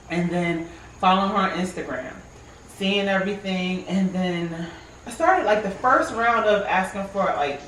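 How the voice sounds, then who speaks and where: A woman's voice: on the low side, slight background noise. A woman from New York telling her own story in a group circle. She speaks emotionally and brings the story to life by acting out what she said back then. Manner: animated storytelling, acts out her own past remarks. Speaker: team member sharing her story. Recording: roomy, from a distance.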